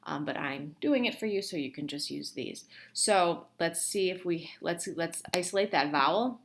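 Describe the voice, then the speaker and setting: A woman's voice: fairly low pitch, normal speed, a little hiss or hum. A woman instructor walking students through a lab task on screen, talking informally with many ums and restarts. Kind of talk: screen-recorded lab walkthrough.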